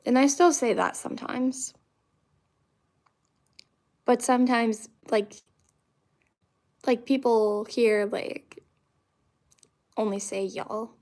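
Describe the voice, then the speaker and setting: A woman's voice: on the high side, fairly even intonation, slow pace, pauses often, a little mellow. A young woman from Florida chatting casually to her viewers, rambling with lots of fillers and restarts. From Central Florida, US. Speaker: vlogger. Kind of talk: casual chat to camera.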